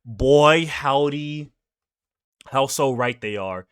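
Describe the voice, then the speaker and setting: A man's voice: medium pitch, takes it slowly, clean tone. A young man casually reading through a manga chapter, rambling and correcting himself as he goes. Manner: rambling, self-correcting, chuckling. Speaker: manga reaction host.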